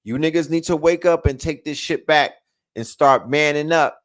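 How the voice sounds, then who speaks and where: A man giving an excitable live reaction to a new rap track, repeating lyrics and bursting out in slangy commentary. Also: a little high, moderate pace. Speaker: music reaction streamer.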